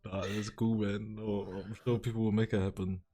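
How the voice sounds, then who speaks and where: A man hosting a casual podcast chat, relaxed, joking and slangy. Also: on the low side, normal speed. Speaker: podcast host.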